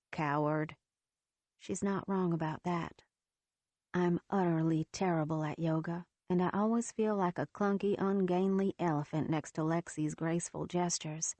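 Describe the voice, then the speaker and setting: A woman narrating a first-person romance audiobook in a steady, measured reading. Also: fairly low pitch, no echo.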